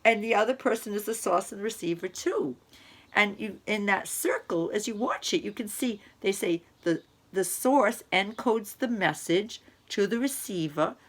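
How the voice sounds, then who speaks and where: Woman giving a casual lecture. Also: mid-range voice. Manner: conversational, explaining with repeated examples. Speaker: college instructor. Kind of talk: recorded online lecture.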